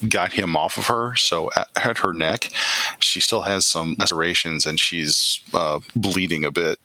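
A man narrating as game master of a tabletop role-playing game, talking in a loose, halting way full of fillers. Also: deep voice, sharp tone, no echo, poor audio. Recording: music playing behind.

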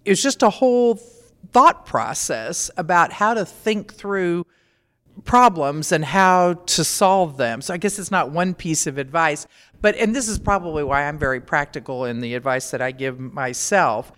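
Speaking at a normal pace with a low pitch, lively intonation and a fairly bright tone, a middle-aged veterinarian responds to an interviewer. She is straightforward and practical, and her voice trails in a long reverb.

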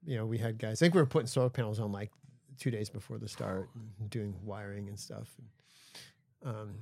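A man's voice: lowish voice, a little fast, creaky. A middle-aged man, a guest on a podcast, chatting casually and telling stories, sometimes acting out other people's lines. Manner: relaxed storyteller, acts out voices in anecdotes. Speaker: guest, solo ocean racer. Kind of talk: casual chat. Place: aboard a boat studio.

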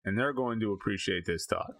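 A man from Maine co-hosting a podcast, talking in an opinionated, animated way with many restarts. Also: fairly low pitch, fairly quick, no echo. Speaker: podcast co-host. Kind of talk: casual chat.

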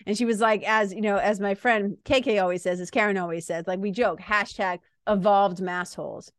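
A woman's voice: mid-range voice, steady tone, fairly quick, clear, resonant tone, dry recording. A woman from Massachusetts with a Boston accent, hosting a podcast in a candid, rambling casual monologue with some swearing. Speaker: podcast host.

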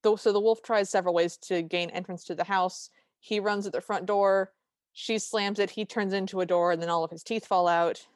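Brief: wry woman podcast host, mid-pitched, dry close sound. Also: steady tone, a little fast, dry recording. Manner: wry, chatty, detailed recaps. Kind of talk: casual chat.

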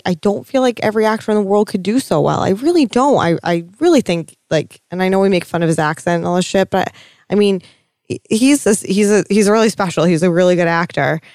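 A woman co-hosting a casual TV recap chat, talking in an animated, gushing way with some swearing. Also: medium pitch, no room sound, clean studio sound. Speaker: podcast co-host.

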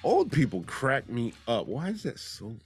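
A man's voice: medium pitch, huge pitch swings, moderate pace, faint music behind. A man hosting a comedy news show, reading odd stories and breaking off for sarcastic, wisecracking asides. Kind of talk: joking news commentary.

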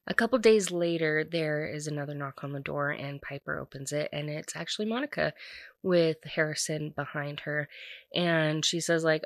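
A woman casually retelling a story, chatty and loose with fillers, laughing through parts of it. Her voice sits on the lower side. The recording is dry and close. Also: normal speed, no echo. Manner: chatty, constant "like", laughs while talking.

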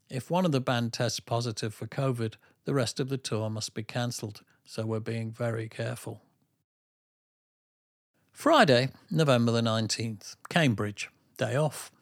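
A man's voice: mid-range voice, dry recording. Male host, diary read-aloud, dry wit. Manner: dry, wry delivery. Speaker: podcast host. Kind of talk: reading a tour diary aloud, then casual chat.

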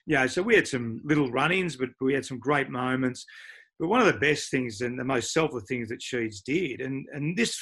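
A man's voice: mid-range voice, moderate pace, husky. An older Australian man, a former footballer and coach, telling stories in a casual interview and mimicking other people's voices. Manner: animated, mimics voices in anecdotes.

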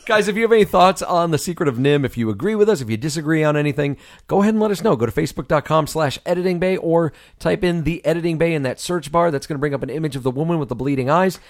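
A man hosting a casual movie podcast, joking and relaxed in his banter. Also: on the high side, racing, hardly any pauses. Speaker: podcast host.

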